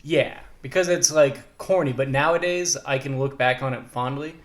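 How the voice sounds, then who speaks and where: A man's voice: medium pitch, normal speed. Chatty man co-hosting a podcast. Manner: chatty, animated, full of "like" asides. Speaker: podcast co-host. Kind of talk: casual chat.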